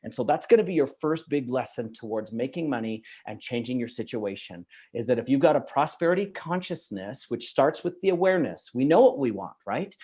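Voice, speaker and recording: A middle-aged man from Canada, giving an energetic, emphatic motivational talk as a guest speaker. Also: mid-range voice, brisk, hardly any pauses, husky. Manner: energetic, emphatic, laughs easily.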